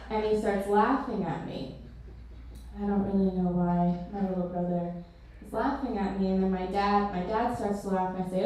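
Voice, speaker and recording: A woman tells a stand-up story in a chatty, understated manner at a mid pitch. Her voice rings through a very echoey room, distant from the mic. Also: steady tone, unhurried, pauses often, darkish tone. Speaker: stand-up comedian.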